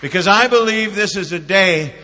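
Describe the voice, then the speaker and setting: A man preaching a sermon, swinging between loud emphatic peaks and hushed storytelling. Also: high voice, normal speed, long reverb tail. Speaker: pastor.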